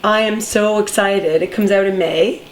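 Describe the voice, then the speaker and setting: A woman hosting an interview show, telling stories in a casual, animated way. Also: mid-range voice, normal speed, a little hiss or hum. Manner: warm storytelling, animated quoting. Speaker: podcast host.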